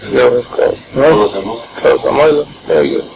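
A man teaching an informal Torah class, animated and joking, sprinkling in Hebrew and Yiddish terms. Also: medium pitch, fast, creaky. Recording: noisy room recording.

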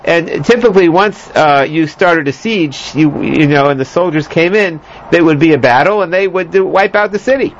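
A man's voice: fairly high pitch, normal speed, hardly any pauses, slight background noise. A man teaching a scripture lesson, rambling with many fillers, restarts and joking asides, in a dull lo-fi recording. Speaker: Bible teacher. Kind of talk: lecture on scripture.

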